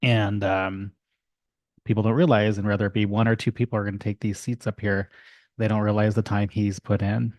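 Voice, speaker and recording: A man's voice: lowish voice, little pitch movement, brisk, a little mellow, no room sound. A man chairing a city council meeting as mayor, speaking emotionally and rambling with many fillers, at a desk microphone in a council chamber.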